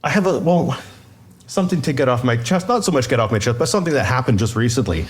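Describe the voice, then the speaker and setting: A man co-hosting a podcast, telling a story with lively, animated delivery and quick quoted voices. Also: medium pitch, slight background noise. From Canada. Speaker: podcast co-host. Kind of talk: casual chat, storytelling.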